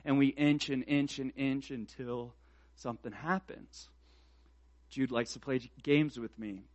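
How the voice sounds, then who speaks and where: A man's voice: medium pitch, fairly even intonation, a little slow, dry recording, muffled recording. A man preaching a sermon as pastor, speaking earnestly and building to emphatic, repeated exhortations.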